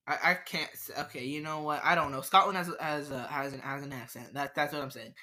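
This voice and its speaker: Bright-voiced rambling podcaster. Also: medium pitch, steady tone, brisk, hardly any pauses. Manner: rambling, stammering, repeats words and restarts. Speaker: solo podcast host. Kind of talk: unscripted solo podcast rant.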